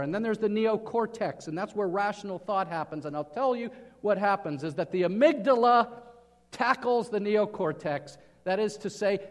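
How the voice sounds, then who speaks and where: A man preaching a sermon in earnest, often putting questions to his listeners. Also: sits high. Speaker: pastor. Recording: reverberant hall.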